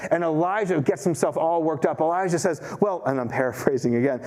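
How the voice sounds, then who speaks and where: Storytelling rabbi, a man, slightly high. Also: moderate pace, a little mellow. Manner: storytelling, self-mocking, acts out quotes. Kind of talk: sermon. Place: synagogue chapel.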